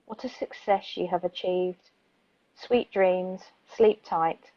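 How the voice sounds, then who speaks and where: Soft-spoken woman reading poems on radio. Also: on the low side, fairly even intonation, dull audio. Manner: slow, soothing reading voice, laughs easily in chat. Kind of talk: gentle poetry reading and casual chat.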